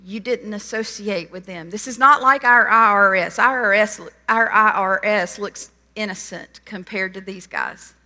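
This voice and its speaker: A woman preaching a sermon, retelling a parable with animated storytelling and voiced quotes. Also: on the high side. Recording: long hall reverb.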